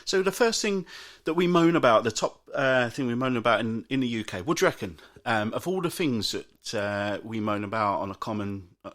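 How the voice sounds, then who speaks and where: Here a British podcast host, speaking in a slightly bright, medium-pitched voice, goes a bit quickly through his solo show. His chatty rants target everyday complaints, and he imitates the complainers in put-on voices to poke fun at them.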